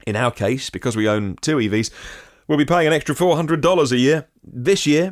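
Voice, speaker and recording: A man hosts a daily news podcast, his voice sitting at an ordinary pitch but swinging up and down with a lot of movement. He reads listener comments aloud and breaks in with wry, sarcastic remarks. The sound is close and dry, with almost no room around it. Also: no room sound. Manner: wry, sarcastic asides between readings. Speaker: podcast host.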